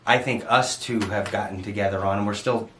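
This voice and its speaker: A man co-hosting a candid home chat, speaking haltingly and searching for his words. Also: on the low side, fairly even intonation, fairly bright tone, roomy sound, slight background noise. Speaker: co-host living with dementia.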